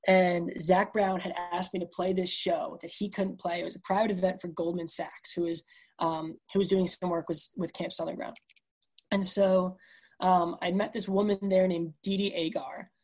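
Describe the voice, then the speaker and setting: A woman's voice: fairly low pitch, moderate pace, slightly rough. A woman in her twenties, a guest musician, telling a story animatedly on a video call and acting out the quoted dialogue. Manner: animated, acts out quoted dialogue, says dude and bro. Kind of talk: casual storytelling interview.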